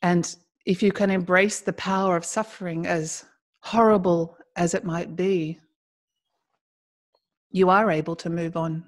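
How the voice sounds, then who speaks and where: Animated middle-aged woman telling stories. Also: lowish voice, a little slow. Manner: animated, laughs often while telling stories. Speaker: podcast guest. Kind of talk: conversational storytelling.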